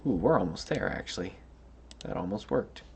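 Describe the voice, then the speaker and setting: A man's voice: fairly low pitch, lively intonation, moderate pace, gravelly, darkish tone, a little hiss or hum. A tired man thinking aloud as he works through a coding puzzle, hesitant and musing, with many fillers and restarts. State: tired, yawning. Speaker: coding tutorial host.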